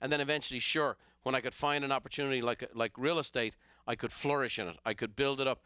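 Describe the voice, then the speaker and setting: A middle-aged Irish man from Ireland, a business coach who hosts a podcast, tells an animated motivational story and acts out the characters in it. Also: mid-range voice, quick pace, clean tone, no room sound, clean studio sound.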